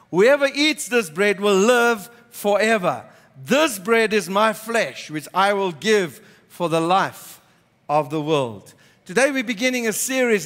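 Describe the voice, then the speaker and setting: A man's voice: sits high, pushed and bright, big-room sound. A man preaching a sermon, reading scripture aloud and then explaining it with emphatic repetition. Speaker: pastor. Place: church.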